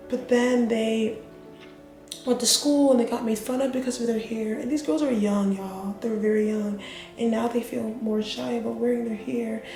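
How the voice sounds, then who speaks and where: A woman's voice: on the high side, warm tone. A woman vlogging casually to camera, chatty and emotional, calling her viewers y'all. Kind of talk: casual vlog talk to camera. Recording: echoey room with faint music.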